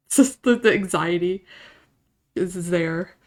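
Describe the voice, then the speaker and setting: A woman's voice: on the low side, slow, a little mellow. Rambling, emotional woman streamer. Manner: rambling, emotional, self-interrupting, laughs often. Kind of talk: casual chat to a live audience.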